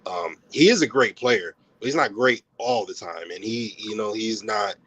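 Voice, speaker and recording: A man talking as a guest on a sports podcast, relaxed and a little hesitant, with frequent restarts. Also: lowish voice, moderate pace, breathy edge, rough recording. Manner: relaxed, hesitant, laughs easily. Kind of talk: casual sports talk.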